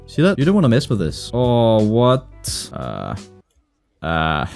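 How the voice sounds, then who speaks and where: A man commentating his own online game play, excitable, swearing and breaking into sudden loud outbursts. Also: medium pitch, slow pace, creaky, soft background music. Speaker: gaming YouTuber. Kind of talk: live gameplay commentary.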